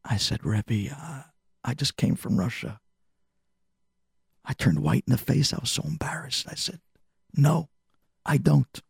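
Storyteller doing an elderly devout man; very gravelly, husky, heartfelt. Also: mid-range voice, expressive, unhurried, long pauses, darkish tone, no echo, studio quality, heavily acted. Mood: earnest. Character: elderly male immigrant, frail and devout.

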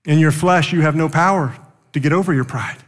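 A male pastor preaching a sermon with passion, rising loud and then dropping quiet. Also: a little high, a little fast, big-room sound.

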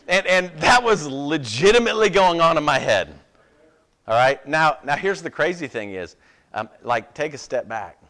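A man's voice: on the high side, pushed and bright. A man preaching a sermon in a casual, conversational way, with self-deprecating asides and a habit of checking in with "okay?". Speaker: pastor.

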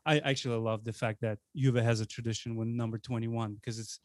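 An eager male podcast host speaks over a video call in a dry, close sound. He sits at a middle pitch and talks with enthusiasm, laughing readily between thoughts. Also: fairly quick, dry recording. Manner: enthusiastic, excitable, laughs and swears. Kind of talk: casual chat.

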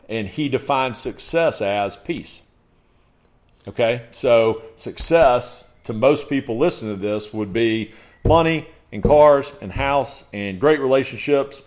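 A man's voice: mid-range voice, slow pace, darkish tone. A man as a podcast guest in casual conversation, laying out his points in emphatic lists and checking in with "okay".

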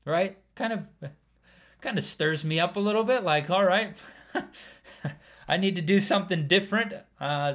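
A man preaching a casual sermon, talking conversationally and checking in with the listeners by asking "right?" again and again. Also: on the high side. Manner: conversational, keeps asking "right?", drops quieter for asides.

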